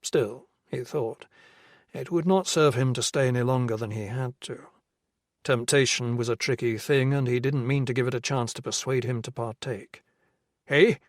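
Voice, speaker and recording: A man's voice: mid-range voice, no echo, clean studio sound. Man narrating a crime audiobook. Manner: measured, even storytelling. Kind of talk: scripted narration.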